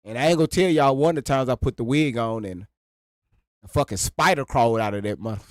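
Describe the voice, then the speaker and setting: A man's voice: medium pitch, fast talker, no room sound, studio quality. A man, hosting a casual livestream, rambling, swearing freely and breaking into laughter. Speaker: livestream host.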